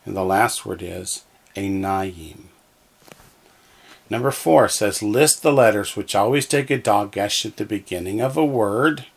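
Man, teacher, patient, slow, gravelly, repeats words, language lesson. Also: on the low side. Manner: patient, reads each word twice for echoing. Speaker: Hebrew teacher.

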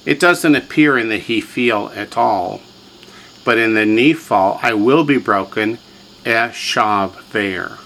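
A man's voice: mid-range voice, expressive, a little slow, fairly bright tone, a little hiss or hum, rough recording. A man teaching a classroom lesson, drilling students with repetition and quiz questions. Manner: drills students, has them repeat words, quizzes them. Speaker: language teacher.

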